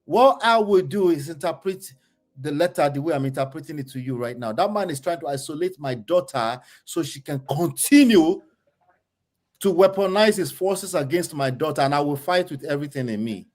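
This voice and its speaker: A man's voice: fairly high pitch, lively intonation, moderate pace, darkish tone. A middle-aged man hosting a panel debate, emotional and pressing with repeated questions. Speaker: host.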